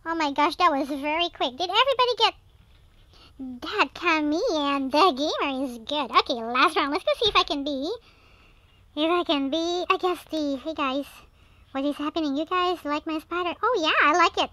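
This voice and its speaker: A woman giving excited let's-play commentary on a game, with frequent gasps and shrieks. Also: high voice, normal speed, dry recording. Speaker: gameplay commentator.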